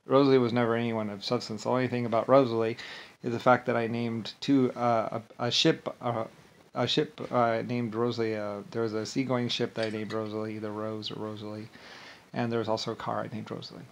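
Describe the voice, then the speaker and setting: A man's voice: mid-range voice, level tone, fairly quick, gravelly. Angry ranting man, profane and repetitive. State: agitated and angry. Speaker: vlogger. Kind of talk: angry rambling monologue.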